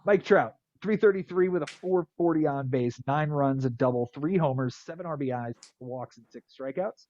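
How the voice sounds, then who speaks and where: A man's voice: a little high, normal speed, few pauses, warm tone, dry recording, muffled recording. Wisecracking man reading off stat lines. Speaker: podcast host. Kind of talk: casual fantasy baseball recap.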